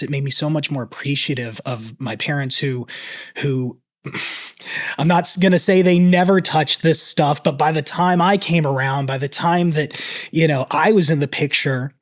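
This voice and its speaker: Earnest man in his thirties, choked up. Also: on the high side. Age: 30s. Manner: earnest and reflective, speaks in halting bursts. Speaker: reaction video host. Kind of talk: casual reaction commentary.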